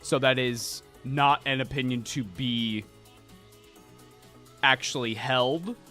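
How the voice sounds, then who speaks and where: A man co-hosting a casual podcast while painting miniatures. He talks in an animated way, swearing freely and telling stories quickly. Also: mid-range voice, soft background music. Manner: animated, swearing, fast storytelling. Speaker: podcast co-host.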